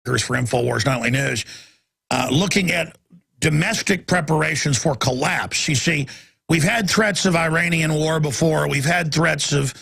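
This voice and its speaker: A man hosting a radio talk show, ranting angrily and breaking into shouts, with a gravelly, husky voice. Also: fairly high pitch, normal speed. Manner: angry, shouting in bursts, then weary and apologetic. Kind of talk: ranting monologue.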